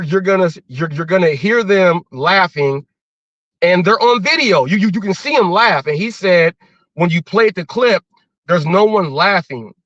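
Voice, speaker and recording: A man's voice: high voice, a bit bright, no echo, highs cut off. A man hosting a livestream, ranting defensively and often repeating himself as he restarts his words. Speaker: livestream host.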